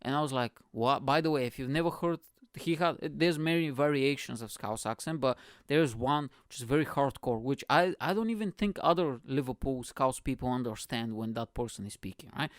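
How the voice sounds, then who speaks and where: A man's voice: mid-range voice, brisk, no echo, clean studio sound. A male comedian hosting his own show and telling a rambling, profane story, full of "you know" and "right?". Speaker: comedian host.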